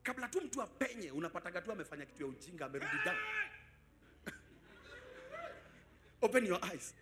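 A man preaching a sermon as pastor, asking the congregation questions and swelling into sung shouts. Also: high voice, huge pitch swings, moderate pace, heavy background noise. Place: church service.

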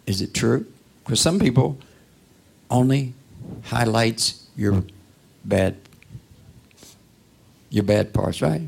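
A man's voice: lowish voice, vocal fry, darkish tone, husky. A man preaching a sermon in a church, talking to the congregation in a conversational way, asking rhetorical questions and sometimes dropping to a whisper.

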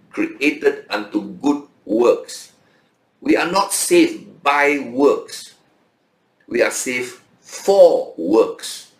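A man teaches a Bible lesson at an unhurried pace, his gravelly voice swooping widely in pitch. He is emphatic and keeps checking that his listeners follow. The room gives his voice a clear echo. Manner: emphatic, asks the listeners "right?" often. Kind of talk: Bible study lecture. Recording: echoey room.

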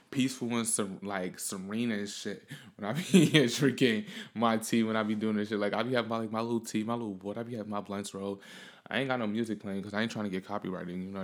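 A man's voice: lowish voice, fairly even intonation, fast. Profane, rambling young man podcaster. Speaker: podcast host. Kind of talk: casual solo storytelling.

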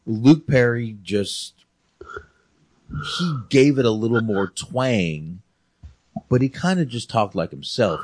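A man from North Carolina talks through a film he loves in a loose, rambling way, full of restarts and fillers. His voice sits very low. The sound is dry, with no room around it. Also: no room sound. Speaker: podcast host. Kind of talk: casual movie review chat.

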